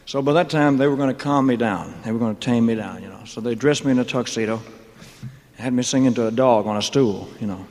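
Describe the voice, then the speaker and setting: A man's voice: mid-range voice, quick pace, a little mellow. Rambling joking man on stage. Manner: rambling, joking, with laughing asides. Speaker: stage performer. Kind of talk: onstage storytelling monologue. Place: concert stage. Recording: live concert hall reverb.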